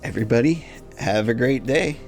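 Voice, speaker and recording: A man giving relaxed, chatty commentary while playing a video game and thinking aloud. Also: mid-range voice, moderate pace, soft background music. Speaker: gaming streamer. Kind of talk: casual gameplay commentary.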